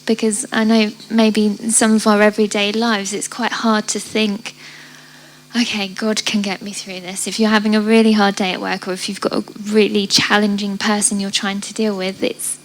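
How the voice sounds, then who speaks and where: A woman's voice: mid-range voice, little pitch movement, moderate pace, poor audio. A woman interviewing a guest at a church gathering, breaking in politely to ask a long, carefully built question.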